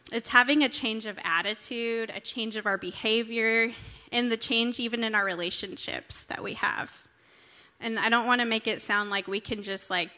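A woman's voice: fairly high pitch, sharp tone. A young woman preaching a sermon in church, conversational and candid, with stories from her home life. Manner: conversational, candid, with personal anecdotes.

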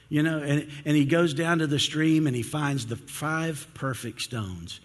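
A man's voice: fairly high pitch, in a large hall. A man preaching a sermon from the pulpit, retelling a story with energy and stumbling over restarts as he goes. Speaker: pastor. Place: church sanctuary.

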